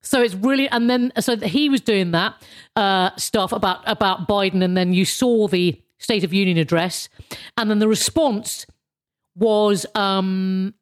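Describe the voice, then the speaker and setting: A woman's voice: mid-range voice, measured pace. Woman, show host, casual rambling recap, sardonic asides, lots of ums and restarts. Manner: rambling, chatty, sardonic, many fillers and restarts.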